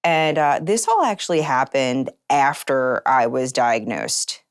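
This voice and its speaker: Woman w/ a really low voice telling her story in an interview, earnest, acts out what people said. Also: animated, a little slow, clean tone, no echo, clean studio sound. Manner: earnest, acts out remembered conversations. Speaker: interview guest.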